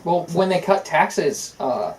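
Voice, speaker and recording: Animated but slow, with a medium-pitched voice, this opinionated podcast co-host chats casually and without a script about politics. The talk runs on at length, laced with "uh" and "so," and the audio is poor with slight background noise.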